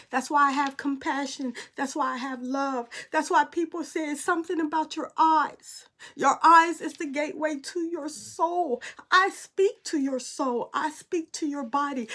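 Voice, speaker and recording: A woman's voice: high-pitched, fairly bright tone. A woman spiritual reader in a tearful, passionate monologue, blunt and preachy, speaking.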